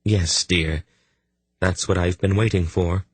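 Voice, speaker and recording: A man voicing a calm, motherly woman in an audiobook, firm but gentle. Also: low voice, slow, breathy edge, no room sound, exaggerated voice. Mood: soothing. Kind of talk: audiobook character voice.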